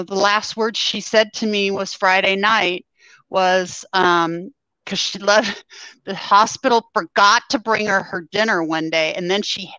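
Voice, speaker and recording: Slow, halting woman with a scratchy voice. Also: mid-range voice, fairly bright tone, no echo. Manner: halting, with many ums and pauses. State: scratchy voice after surgery. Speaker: guest. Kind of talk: emotional personal story. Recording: dull, lo-fi sound.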